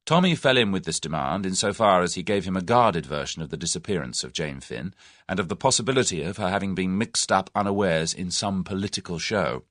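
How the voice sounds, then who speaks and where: A man narrating an audiobook with expressive storytelling. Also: low voice, fairly quick, no echo, clean studio sound. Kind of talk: scripted narration.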